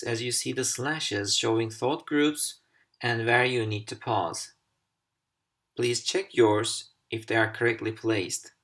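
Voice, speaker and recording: A man teaching English over slides, speaking slowly and deliberately with careful pauses. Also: medium pitch, fairly bright tone. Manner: slow, deliberate, carefully paced. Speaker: English language instructor. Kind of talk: slide-based recorded lesson.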